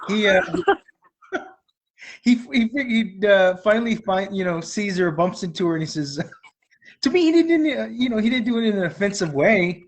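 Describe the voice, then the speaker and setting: A man's voice: sits high, lively intonation, moderate pace. A man co-hosting a movie review show, rambling casually and laughing between thoughts. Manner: rambling, laughs often, many fillers. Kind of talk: casual chat.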